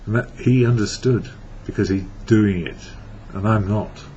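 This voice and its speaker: Warm in tone and on the low side, an Englishman speaks without hurry in a reflective monologue about his recovery. As a recovery blogger, he rambles and corrects himself mid-thought. The audio is dull lo-fi with a faint hiss.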